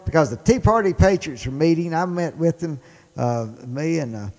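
A man's voice: a little high, expressive, moderate pace, darkish tone, long reverb tail. Mississippi man, upbeat political host. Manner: enthusiastic, emphatic. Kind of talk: political commentary.

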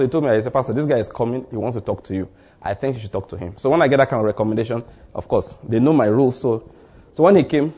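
A man preaching a sermon as pastor, telling stories and acting out short exchanges, with sudden rises in pitch for emphasis. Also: warm tone, breathy edge. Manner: storytelling, acts out dialogue in asides.

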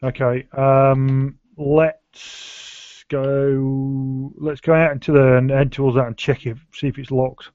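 A mid-pitched man plays a tabletop game, eager and quick and repeating his words. The sound is dry and close, with a dull, lo-fi edge. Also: flat delivery, a little mellow, dry recording. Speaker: player. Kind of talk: casual tabletop play.

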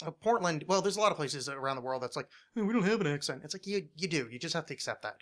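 A man's voice: fairly high pitch, animated, rapid-fire, a bit bright. Ranting, swearing man. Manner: ranting, swears a lot, many restarts. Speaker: podcast host. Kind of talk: casual podcast chat.

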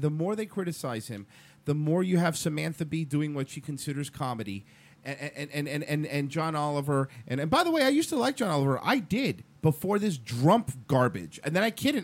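A man in a casual talk show discussion, emphatic and stumbling over repeated words when heated. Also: on the high side.

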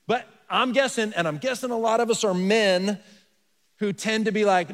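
A pastor with a slightly high voice preaches in a conversational way, putting questions to the congregation and stressing key words. His voice trails off into the long reverb of a large church hall. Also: normal speed, fairly bright tone. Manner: conversational preaching with rhetorical questions and shifting emphasis. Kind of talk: sermon. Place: church sanctuary.

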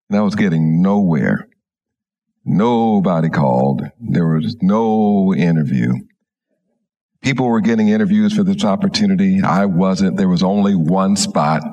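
Slow, low-voiced male minister preaching. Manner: slow, gentle storytelling. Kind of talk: sermon.

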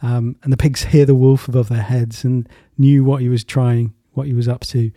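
Casting: male host, easygoing storyteller, husky, mellow, dry. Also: mid-range voice, moderate pace, no room sound. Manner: relaxed, rambling with fillers and restarts. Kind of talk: casual storytelling in a talk.

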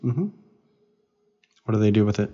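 Deep-voiced man in his thirties, lo-fi. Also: moderate pace, dark tone. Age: 30s. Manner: patient explainer who asks questions and teases. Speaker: podcast co-host talking with his young daughter. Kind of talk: casual family chat. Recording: dull lo-fi recording.

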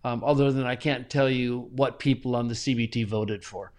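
A middle-aged man talking as a guest in a casual interview, animated and often chuckling, with frequent restarts. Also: medium pitch, moderate pace. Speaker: Bible translator guest.

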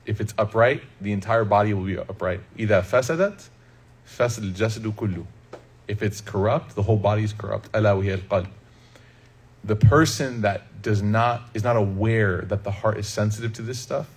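A man from Chicago giving a conversational religious talk, lively and humorous, speaking straight to the audience. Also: on the low side, slightly rough. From Chicago, USA. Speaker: Islamic speaker.

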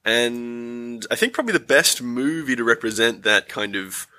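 A young man chats on a podcast, rambling and laughing easily. His voice is very bright and forward, and he sounds hungover. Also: medium pitch, animated, normal speed. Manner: chatty, rambling, laughs often. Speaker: podcast co-host. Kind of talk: casual chat.

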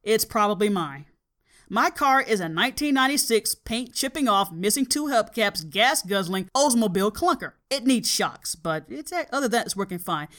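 Brief: middle-aged woman, slightly high voice, frank and dry-humored podcast host, no regional accent. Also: lively intonation, moderate pace, few pauses, a bit bright. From US South. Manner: frank, storytelling, dryly humorous. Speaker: podcast host and college biology teacher. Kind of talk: casual podcast monologue.

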